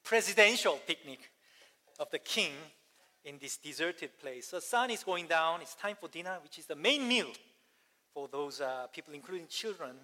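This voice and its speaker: Pastor preaching in a big echoing hall. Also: male voice, fairly high pitch, lively intonation, moderate pace, pushed and bright. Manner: storytelling, acts out voices, asks the congregation questions. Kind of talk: sermon.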